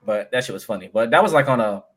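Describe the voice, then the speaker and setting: A man's voice: medium pitch, expressive, quick pace, fairly bright tone. A man in his thirties, a podcast co-host, telling a story in casual, profane chat and laughing often.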